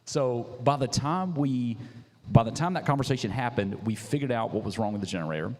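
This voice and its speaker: A young man, a coffee business founder, telling his story in a casual interview, animated and slangy, acting out what people said. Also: mid-range voice, fairly quick. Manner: animated, slangy, acts out quotes. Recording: reverberant hall.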